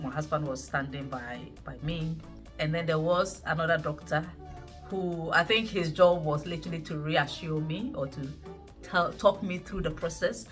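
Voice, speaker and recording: A woman in her thirties chats and laughs while telling her viewers the story of giving birth, casual storytelling straight to camera. Her voice sits low and sounds a bit bright.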